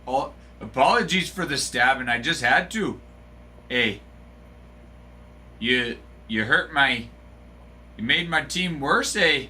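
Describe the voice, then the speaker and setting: A man's voice: medium pitch, animated, takes it slowly, pauses often, pushed and bright, full character voice. A man voicing an overly polite Canadian man who apologizes for a stabbing, with a mock Canadian accent and a sing-song "eh" ending his lines.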